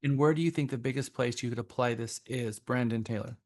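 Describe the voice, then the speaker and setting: Man, sales trainer, classroom talk, conversational, questioning, mid pitch. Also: brisk, a little mellow. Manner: conversational, asks the group questions. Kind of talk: classroom instruction.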